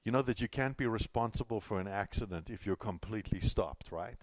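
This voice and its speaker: Fairly quick and fairly low in pitch, this middle-aged man's voice carries a relaxed, story-driven sermon in which he repeats himself and drifts into asides. He's a pastor from California, recorded with no room sound.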